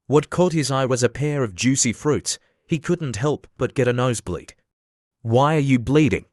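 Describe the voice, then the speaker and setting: A man reads an anime recap story, voicing every character in the same even voice. His voice sits in a middle pitch. The sound is close and dry, with no room echo. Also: normal speed. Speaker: narrator. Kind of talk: scripted recap narration.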